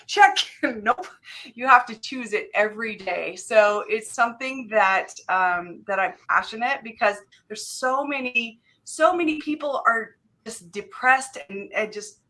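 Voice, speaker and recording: Bright, high-voiced woman guest. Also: animated, a little slow. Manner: earnest, with frequent fillers and light laughs. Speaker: guest author. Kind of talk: casual interview talk.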